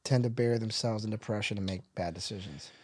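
A middle-aged man telling a personal story in conversation, earnest, and he rises into excited bursts with laughter. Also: lowish voice, fast talker, slightly rough, no echo, studio quality. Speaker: guest.

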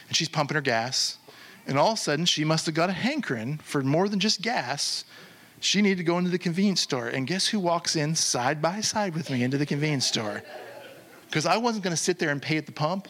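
A man preaching a sermon as pastor, telling a story with animated quoted voices and slowing to a hushed close. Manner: animated, acts out quoted voices with sudden high jumps; drops to slow, hushed delivery for the closing appeal.

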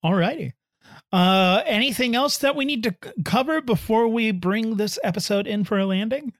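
A woman hosting a podcast, lively and easily exasperated. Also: on the high side, normal speed, no echo, clean studio sound. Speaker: podcast host. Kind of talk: casual chat.

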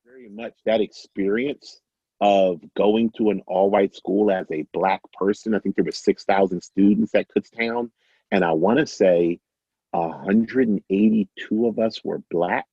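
A middle-aged man casually telling a personal story, animated and self-amused, acting out the dialogue. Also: fairly low pitch, measured pace, husky, dry recording, dull audio. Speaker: guest storyteller.

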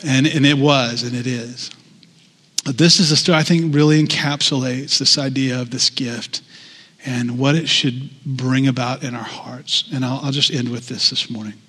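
A man's voice: medium pitch, fairly even intonation, moderate pace, a bit bright, husky, in a large hall. Man preaching conversationally in a church. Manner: conversational, asks the congregation questions. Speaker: pastor. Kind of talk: sermon.

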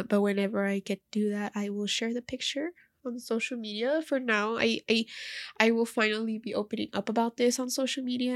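A young woman speaking in a personal vlog while crying. Her nose is stuffy, and she talks haltingly, often repeating words. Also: medium pitch, no echo, clean studio sound.

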